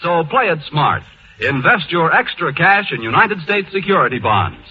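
A male radio announcer reading a scripted 1940s ad in a smooth, persuasive way. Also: a little high, very animated, normal speed, slight background noise. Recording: muffled old radio broadcast.

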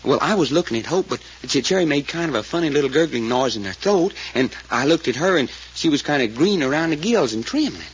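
Brief: rustic, plainspoken male sidekick, animated pitch, vintage lo-fi radio drama. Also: breathy edge. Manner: folksy, rustic grammar, halting retelling. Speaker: witness recounting events. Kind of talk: 1940s radio acting. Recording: dull lo-fi old radio recording.

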